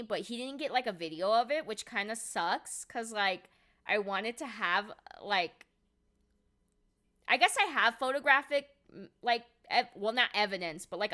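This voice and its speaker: A young woman streaming from home, telling a story in casual chat, excitable and swearing a lot with many fillers of "like". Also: mid-range voice. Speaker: live streamer. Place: at home by a window.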